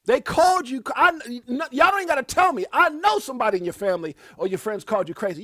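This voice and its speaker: A man hosting a casual livestream, hyped and preachy, shouting out viewers by name. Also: very high voice, very fast, few pauses, no echo, clean studio sound. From United States. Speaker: livestream host.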